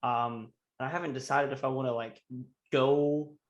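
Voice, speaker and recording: A man's voice: medium pitch, steady tone, moderate pace, reverberant, lo-fi sound. A young man chatting casually on a podcast, rambling with many fillers and restarts. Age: young adult. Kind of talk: casual chat.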